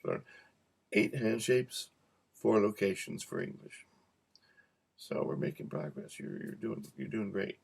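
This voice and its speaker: A man teaching a cueing lesson, repeating practice words slowly and joking softly as he goes. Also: on the low side, lively intonation. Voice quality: gravelly. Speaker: cueing instructor. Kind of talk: relaxed teaching to camera.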